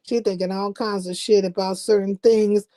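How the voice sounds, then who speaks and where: A woman's voice: mid-range voice, fairly even intonation, normal speed, dark tone. A woman chatting on a live stream in blunt, slangy, profane trash talk. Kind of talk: casual chat.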